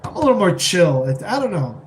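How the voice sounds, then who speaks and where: A man's voice: sits high, very animated, a little fast, slight background noise, low-quality recording. A man casually chatting on a live stream, rambling and laid-back while answering viewers from a rented apartment, keeping his voice down.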